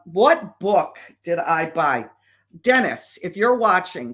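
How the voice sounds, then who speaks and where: A woman hosting a live stream and answering viewer questions in a casual, deliberate way with many fillers. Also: lowish voice, a bit bright.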